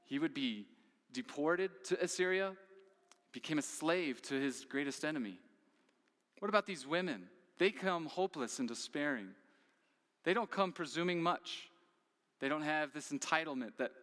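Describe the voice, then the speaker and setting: A man's voice: fairly high pitch, moderate pace, pauses often, a bit bright, in a large hall. A man preaching a sermon as pastor, earnest and posing questions to his listeners.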